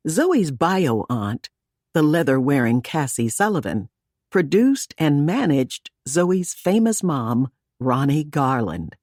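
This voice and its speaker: A woman reading an audiobook in measured scripted narration, giving each character a voice. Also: deep voice, very animated, a little mellow, dry recording, clean studio sound.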